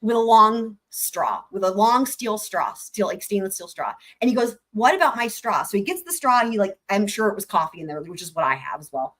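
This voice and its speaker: A woman's voice: mid-range voice, sing-song, brisk, few pauses, a bit bright. A woman hosting a casual livestream, chatting to her viewers as she tells a story, swearing freely and reading out chat comments. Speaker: livestream host.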